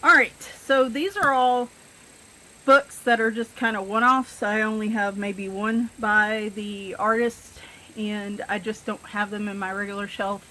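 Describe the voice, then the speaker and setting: A woman's voice: mid-range voice, fairly even intonation, measured pace, pushed and bright. A woman with a Southern accent chatting casually and rambling a bit as she shows her coloring books, with plenty of fillers and self-deprecating jokes. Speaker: coloring book channel host. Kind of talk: casual chat showing books.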